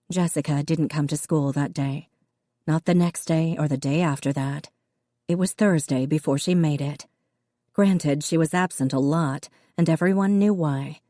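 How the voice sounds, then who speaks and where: Woman narrator, audiobook, low pitch, dark mellow tone, dry close sound. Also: dry recording. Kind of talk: scripted narration.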